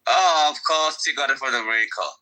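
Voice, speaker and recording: A man with a rough, damaged voice, rambling in casual chat with profanity and constant "like" and "you know". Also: mid-range voice, a little fast, pushed and bright, rough recording. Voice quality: rough, damaged voice from a childhood injury. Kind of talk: casual chat in an online audio room.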